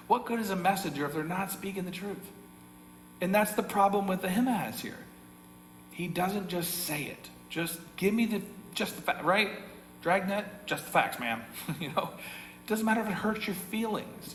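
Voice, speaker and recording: A man's voice: high-pitched, fairly bright tone. A man with an American accent preaching a sermon as pastor, in a conversational way that repeats key phrases, with the odd chuckle. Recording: echoey hall with mains hum.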